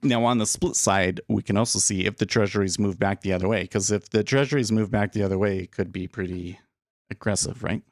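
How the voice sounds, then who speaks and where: A man's voice: on the low side, fairly even intonation, fairly quick, no echo, clean studio sound. A man hosting a live day trading stream, thinking aloud and rambling in a casual, self-deprecating way. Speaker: day trading livestream host. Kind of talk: live market commentary.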